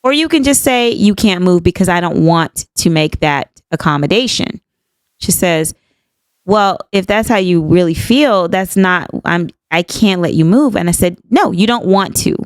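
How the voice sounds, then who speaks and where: Woman, fifties, podcast host, candid storyteller; low, smooth voice, dry close sound. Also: normal speed, no echo. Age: 50s. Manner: candid, animated retelling with quoted dialogue. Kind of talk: personal storytelling.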